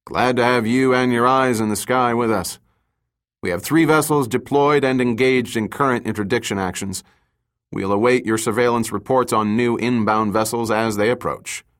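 A man voicing a deep-voiced male coast guard officer answering steadily over the radio. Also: moderate pace, natural voice. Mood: steady. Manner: steady, formal radio talk.

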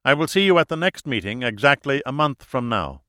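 A man's voice: mid-range voice, big pitch swings, brisk, sharp tone, no echo, studio quality, voice pushed up. A man reading an audiobook who voices a ruthless, commanding woman at the head of a secret cabal, giving cold, imperious orders.

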